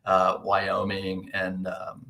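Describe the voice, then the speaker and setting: A man's voice: sits low, completely flat delivery, slow, sharp tone. A man as a podcast guest in casual chat, earnest and thoughtful, often restarting his sentences.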